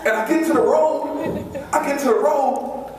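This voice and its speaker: Motivational speaker, male, high and very animated storyteller; booming hall echo, recorded from afar. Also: moderate pace, heavy background noise. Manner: animated storyteller acting out scenes, high squeals for his child self. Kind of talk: storytelling keynote speech. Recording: echoey hall recorded from far off.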